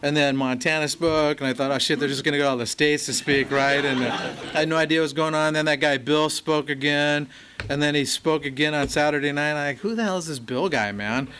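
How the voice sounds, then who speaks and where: A man's voice: a little high, flat delivery, fairly quick, sharp tone, slight background noise. A man speaking at a recovery meeting, telling a personal story in a laid-back way to a live audience, with many fillers and quoted dialogue. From Los Angeles area. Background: audience laughter.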